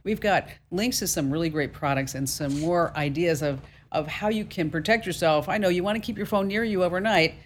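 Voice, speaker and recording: A woman's voice: on the low side, brisk, a little hiss or hum. A woman hosting a call-in radio show about technology, giving friendly, chatty advice to callers and listeners with casual asides. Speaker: tech radio show host.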